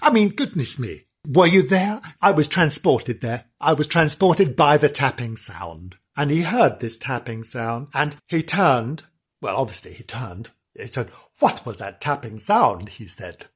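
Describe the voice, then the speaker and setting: Theatrical husky man telling ghost stories. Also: mid-range voice, sing-song, unhurried. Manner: theatrical, playful, full of innuendo and asides. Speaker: podcast host. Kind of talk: comedic ghost-story telling.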